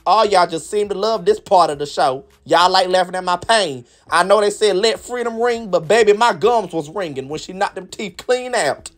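High-voiced sassy young man comic. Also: normal speed, few pauses, a bit bright, soft background music. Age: 20s. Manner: dramatic, sassy, exaggerated delivery. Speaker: comedy channel host. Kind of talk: comedic shout-out segment.

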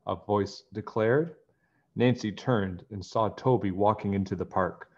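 A man narrating a children's book aloud in a plain, even storytelling manner. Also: fairly low pitch, measured pace, muffled recording.

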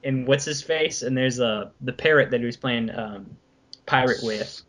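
A man's voice: medium pitch, moderate pace, fairly bright tone. A young man co-hosting a podcast, casually retelling a comic scene with many fillers and restarts. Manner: rambling, lots of fillers and restarts. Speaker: podcast co-host.

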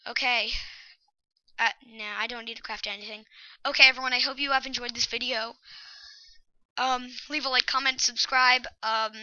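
A woman giving excitable, anxious gameplay commentary, often dropping to a whisper. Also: on the high side, dry recording, dull audio. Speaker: let's play host.

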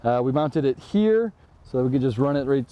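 A man's voice: mid-range voice, animated, a little fast, mellow. A man from Chicago hosting his own channel, chatting casually and jokingly as he walks through a custom bike build. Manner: joking, chatty, playful asides. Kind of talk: casual product walkthrough vlog.

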